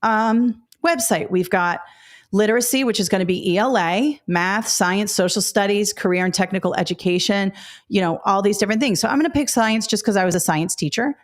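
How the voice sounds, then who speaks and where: A middle-aged woman with a mid-range voice hosts a live teaching webinar, speaking fairly quickly. Her delivery is chatty and direct, full of fillers and casual asides.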